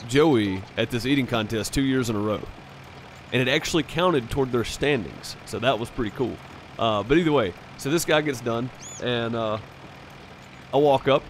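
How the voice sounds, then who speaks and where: A man's voice: medium pitch, a little hiss or hum. Chatty man on a game stream. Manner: rambling, chatty, fillers and restarts. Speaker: streamer playing a farming game. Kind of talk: casual storytelling over voice chat.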